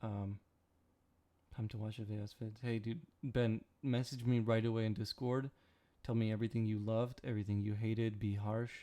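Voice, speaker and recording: A man's voice: lowish voice, little pitch movement, normal speed, warm tone. A young man, sleepy, rambling and joking with his chat during a casual late-night stream. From Canada.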